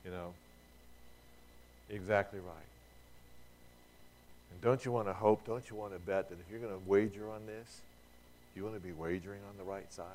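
Male pastor, lowish voice, relaxed conversational sermon with rhetorical questions. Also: normal speed, pauses often, slight background noise. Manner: repeats words when restarting.

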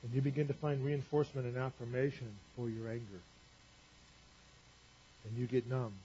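A male pastor preaching a sermon to a congregation, talking conversationally with rhetorical questions and swinging from loud to quiet. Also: mid-range voice, flat delivery, moderate pace, slight background noise. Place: church. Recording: dull lo-fi church recording.

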